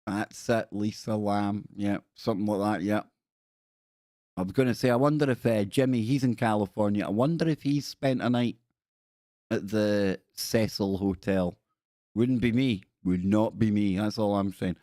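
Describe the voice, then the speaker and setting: A man's voice: on the low side, normal speed, warm tone, no room sound, studio quality. Man hosting a playful livestream. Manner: playful, rambling asides with jokey spooky voices. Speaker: livestream host. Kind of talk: casual livestream chat, reading viewer stories aloud.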